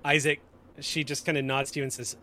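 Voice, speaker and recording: A man, as game master, narrating a tabletop roleplaying game in a descriptive, unhurried way. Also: a little high, level tone, pushed and bright, a little hiss or hum.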